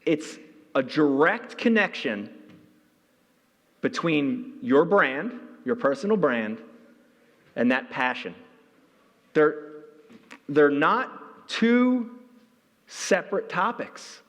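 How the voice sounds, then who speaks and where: A man giving a conference talk, telling a story with energy, and his voice jumps high when he gets excited. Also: slow, long pauses. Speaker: keynote speaker. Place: large hall. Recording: reverberant hall.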